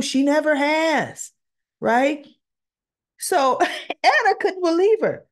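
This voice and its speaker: A woman hosting a casual soap opera recap vlog, chatty and expressive as she retells the episode. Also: high-pitched, slow pace, long pauses. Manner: chatty and expressive, acts out quotes with laughs.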